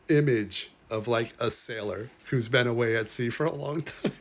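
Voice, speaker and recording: Chatty man breaking down a movie. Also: medium pitch. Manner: chatty, lots of "like", quick asides; exasperated, incredulous questions. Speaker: film reviewer. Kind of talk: casual movie breakdown commentary.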